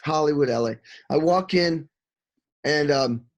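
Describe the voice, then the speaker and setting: A middle-aged man, a session drummer, telling animated stories in an interview, swearing freely and scatting drum beats. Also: fairly high pitch, measured pace, muffled recording.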